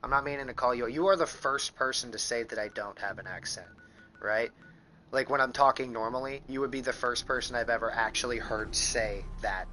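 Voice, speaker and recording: Rambling, bright-voiced Kansas streamer. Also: male voice, mid-range voice, brisk, faint music behind. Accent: Midwestern American. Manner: rambling, profane, full of fillers. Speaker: gaming streamer. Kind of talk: casual gameplay commentary. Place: home.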